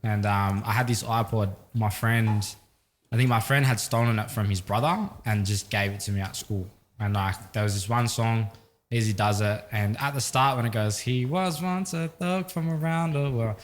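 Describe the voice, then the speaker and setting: Laid-back young Australian man, low voice. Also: fairly even intonation, moderate pace. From Sydney, Australia. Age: young adult. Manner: laid-back storytelling, lots of fillers. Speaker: guest rapper. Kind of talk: casual interview chat.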